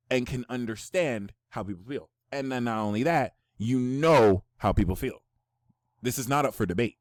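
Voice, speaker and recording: Male astrologer, hyped-up reading, slangy and profane, very expressive pitch, dry close sound. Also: no echo. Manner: excitable, slangy and profane, swings from hushed to shouting.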